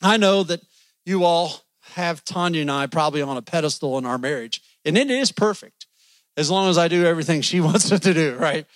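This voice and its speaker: Folksy male preacher, high-pitched, joking sermon delivery, dry recording. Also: fairly quick, no echo. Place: church.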